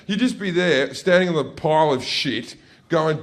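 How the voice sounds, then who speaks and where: A man's voice: on the high side, normal speed. A man telling rambling, profane stand-up stories, often correcting himself mid-sentence. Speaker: stand-up comedian. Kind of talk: stand-up comedy storytelling.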